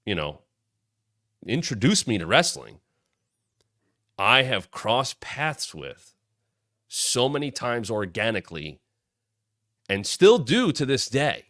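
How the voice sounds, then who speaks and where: A man in his thirties hosting a show, telling a rambling, animated story with many restarts. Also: medium pitch, slow, pauses often, no echo, clean studio sound. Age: 30s. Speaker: host. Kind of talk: casual storytelling.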